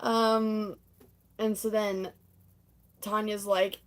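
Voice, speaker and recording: A young woman chatting away on a livestream, her speech looping through "like" and "um" as she recaps a show she was part of. She talks at an ordinary pitch for a woman, rambles cheerfully, and every so often breaks into a squeaky impression of someone. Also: fairly even intonation, normal speed. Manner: chatty, full of "like" and "um", laughs often, acts out lines in squeaky voices. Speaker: livestreamer recapping a stage musical she performed in. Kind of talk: casual rambling retelling.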